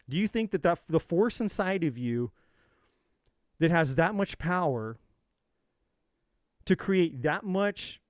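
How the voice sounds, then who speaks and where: A man talks to his viewers as a tarot reader in a fierce, preachy monologue, swearing freely and repeating his lines for force. His voice sits a little high for a man. The sound is close and dry, with almost no room echo. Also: darkish tone. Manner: intense, profane, preachy, repetitive. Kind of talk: motivational monologue.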